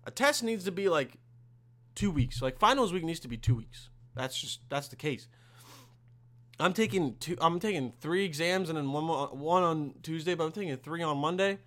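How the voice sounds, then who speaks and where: Young guy ranting into the camera, swears a lot, kinda high and bright voice. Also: lively intonation, moderate pace. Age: young adult. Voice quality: profane, rambling, loud bursts of exasperation. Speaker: podcast host. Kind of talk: casual rant to camera.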